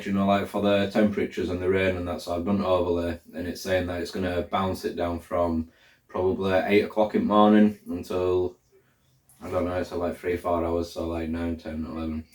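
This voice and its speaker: A deep-voiced man chats casually to camera, rambling and thinking aloud with lots of fillers. He sounds set back from the mic in an echoey room. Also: darkish tone, recorded from a distance. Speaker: hiker vlogger. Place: indoors, room where he is drying socks under a fan.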